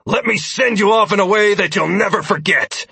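Casting: male narrator doing a fierce young hero, raised husky voice, snarling, fantasy audiobook. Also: sits high, normal speed, no echo, voice pushed up, exaggerated voice. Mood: vengeful. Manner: snarling, shouting.

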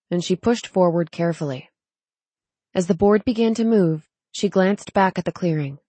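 Woman narrating an audiobook, lowish voice. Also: a little mellow, no room sound. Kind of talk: scripted narration.

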